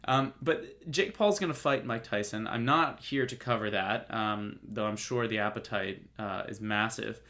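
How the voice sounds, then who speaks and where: A man's voice: on the low side, moderate pace, few pauses, bright, forceful tone. Rambling, jokey man hosting a podcast. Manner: rambling, jokey, many fillers and restarts. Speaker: podcast host. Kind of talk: casual solo commentary.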